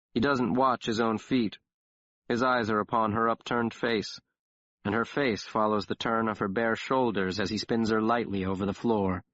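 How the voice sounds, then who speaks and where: A man reads a first-person audiobook in a lowish voice, wry and dramatic as he tells it. The recording is dry, with no room sound, and a little dull and muffled. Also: fairly bright tone, dry recording. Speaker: audiobook narrator.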